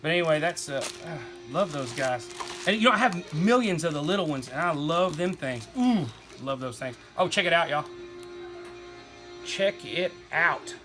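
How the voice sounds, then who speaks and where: A man's voice: on the high side, lively intonation, moderate pace, bright, forceful tone, soft background music. A middle-aged man, rambling enthusiastically as he shows off his toy collection. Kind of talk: casual show-and-tell chat.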